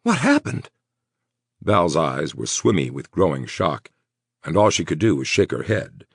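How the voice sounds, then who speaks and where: A man reading a horror audiobook in a dramatic, expressive narration. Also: very deep voice, normal speed, gravelly, breathy edge, no echo, studio quality.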